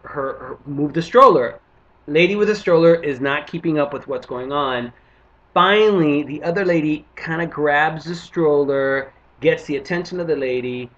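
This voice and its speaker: A man from Panama tells a stand-up story, acting out the people in it with lively energy. His voice sits slightly high. The recording is muffled and lo-fi. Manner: animated, acts out other people's lines. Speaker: stand-up comedian.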